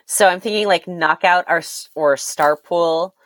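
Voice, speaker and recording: A woman's voice: on the low side, unhurried, a bit bright, dry recording. A woman chatting as a podcast guest, enthusiastic and talkative, with frequent "like" and "um" fillers. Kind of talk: casual chat.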